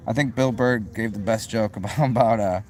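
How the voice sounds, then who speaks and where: A man's voice: on the low side, a little fast, darkish tone, a little hiss or hum. Rambling, laughing man on a livestream. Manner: rambling, restarts, laughs often, swears. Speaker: livestream host. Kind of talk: casual livestream chat, reading comments.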